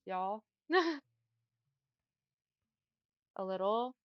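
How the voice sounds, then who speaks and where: A woman's voice: mid-range voice, lively intonation, drawn-out words, no room sound. Texan girl streaming and chatting w chat, says y'all a lot, dead dry room, kinda muffled mic. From Texas. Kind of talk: casual chat while gaming.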